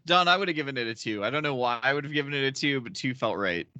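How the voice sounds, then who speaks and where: A man's voice: mid-range voice, lively intonation, very fast, pushed and bright, dry recording, dull audio. A man co-hosting a podcast, playful and joking in casual chat. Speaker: podcast co-host.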